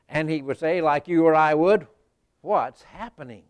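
A male preacher giving a sermon in a folksy storytelling way, talking right to the congregation and rising to loud emphasis. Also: a little high, fairly even intonation, normal speed, clear, resonant tone, dry recording.

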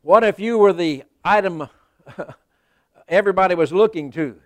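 A male preacher giving a sermon in a folksy storytelling way, talking right to the congregation and rising to loud emphasis. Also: high voice, measured pace, no room sound.

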